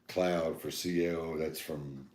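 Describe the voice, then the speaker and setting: A very deep-voiced man, co-hosting a laid-back podcast. He tells rambling stories and mimics the people in them. The sound is roomy and echoey. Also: fairly even intonation, slow pace, a little mellow, a little hiss or hum. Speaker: podcast co-host. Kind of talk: casual chat.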